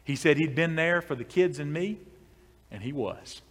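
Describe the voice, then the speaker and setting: A man voicing a soft-spoken, godly farmer in his early sixties who stammers humbly and talks in a homespun way. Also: on the high side, expressive, moderate pace, in a large hall. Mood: quiet faith.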